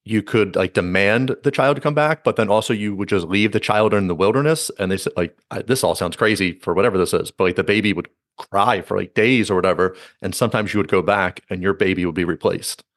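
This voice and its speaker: A man hosts a loose, casual podcast chat, rambling from one idea to the next with plenty of fillers. His voice sits a little low and he talks quickly, in a dry, close sound. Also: no room sound. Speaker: podcast host. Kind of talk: casual conversation.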